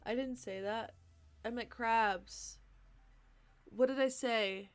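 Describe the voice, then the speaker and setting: A woman's voice: a little high, slow pace, smooth, soft background music. A woman hosting a live stream, chatting casually and answering viewers' comments as she thinks aloud. She is tired and sleepy. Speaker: livestream host.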